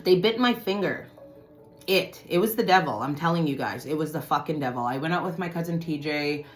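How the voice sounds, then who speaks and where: A woman with a lowish voice tells her viewers a story in a casual, heavily profane way. She drops to a mutter, then bursts out loud and emphatic. Soft music plays faintly underneath. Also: lively intonation, a little fast. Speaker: channel host telling a personal story.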